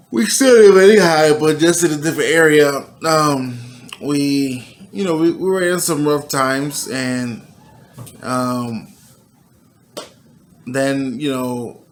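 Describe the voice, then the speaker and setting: A young man in casual chat, speaking haltingly with many pauses and fillers. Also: medium pitch, slight background noise. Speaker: vlog co-host, father.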